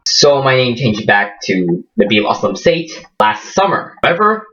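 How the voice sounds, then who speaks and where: A young man with an Indian accent talks casually to the camera in a jump-cut vlog, his voice sitting mid-range. He chats and explains, leaping sharply higher now and then to ask a question. The recording is a little muffled, like cheap home video. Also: big pitch swings, a little slow, fairly bright tone. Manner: chatty, with sudden upward pitch jumps on questions. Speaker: collaborative channel vlogger.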